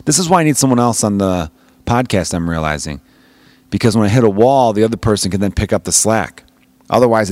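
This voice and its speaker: A man's voice: lowish voice, a little mellow, no room sound. A man hosting a solo comedic podcast, rambling and swearing freely as he keeps correcting himself. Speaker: podcast host.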